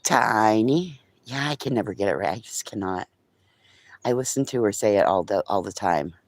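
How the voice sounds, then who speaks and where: A man's voice: on the low side, expressive, moderate pace. A man in a casual, rambling live-stream chat, talking to his viewers and his pets early in the morning. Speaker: vlogger.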